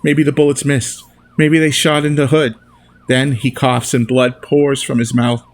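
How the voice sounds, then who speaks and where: A man reading his own novel aloud as a steady first-person narration. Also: medium pitch, a little slow.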